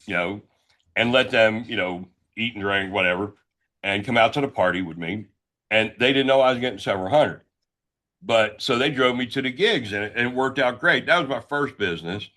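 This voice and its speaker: A middle-aged man from the Northeastern United States, a guest entrepreneur telling his story in a loud, brash, blunt way. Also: medium pitch. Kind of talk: casual talk show storytelling.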